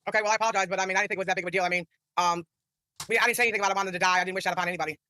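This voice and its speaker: A woman's voice: medium pitch, steady tone, racing, bright, forceful tone. A woman co-host on a live stream, earnest and rambling as she explains and apologizes. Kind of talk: heated live-stream debate.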